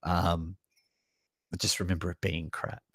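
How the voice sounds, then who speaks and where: A livestream host with a low, husky, gravelly voice takes his time as he reacts to a list of horror movies. He's animated, blunt and swears a lot, reading chat comments aloud in this casual live reaction.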